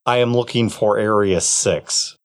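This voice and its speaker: A man playing a character in a tabletop game, speaking in a formal, flat and literal way. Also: on the low side, a little slow, no room sound. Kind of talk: in-character role-play.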